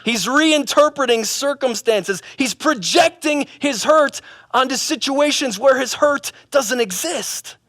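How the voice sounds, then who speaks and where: A male pastor preaching a sermon, telling a comic parable in an animated, casual way with bits of slang. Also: extremely high pitch, unhurried, dry recording, studio quality.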